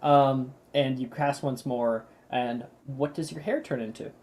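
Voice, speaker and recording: Easygoing game master with a dark, mellow voice, narrating spell results to the table. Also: mid-range voice, unhurried. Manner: easygoing, laughs often, relaxed.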